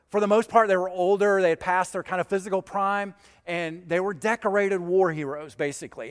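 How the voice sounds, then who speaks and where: Male pastor, high voice, chatty conversational sermon, long hall reverb. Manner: conversational preaching with asides to the congregation.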